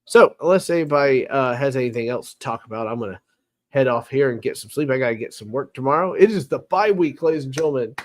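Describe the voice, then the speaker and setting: A man's voice: mid-range voice, animated, fast. Wry chatty male stream host. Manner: chatty and wry, reading chat comments aloud with teasing sarcasm. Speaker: sports show host. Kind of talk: casual live-stream football recap.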